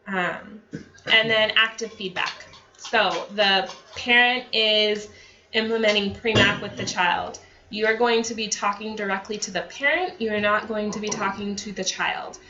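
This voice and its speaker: Woman trainer, bright tone, chatty delivery, dull lo-fi recording. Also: medium pitch, slight background noise. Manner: conversational, fillers and quoted examples. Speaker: ABA therapy trainer. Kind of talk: staff training talk. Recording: dull lo-fi audio.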